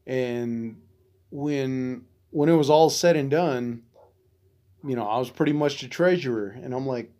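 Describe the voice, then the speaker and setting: A man's voice: mid-range voice, a little slow, warm tone. A man from Arizona hosting a veterans podcast, telling a story casually with loose, profane, frustrated asides.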